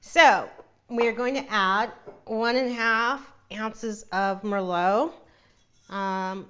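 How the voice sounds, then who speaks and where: A woman's voice: medium pitch, slow pace, bright, forceful tone, clear, resonant tone, dull audio. A woman from Northern California hosting a casual live cooking demo, chatty and giggly and laughing often. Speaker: host of a cooking show.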